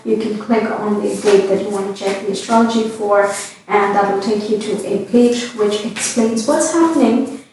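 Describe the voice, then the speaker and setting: A woman giving a tarot card reading in a calm, unhurried way, with gentle fillers. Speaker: tarot reader. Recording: very echoey room, mic at a distance, faint rumble.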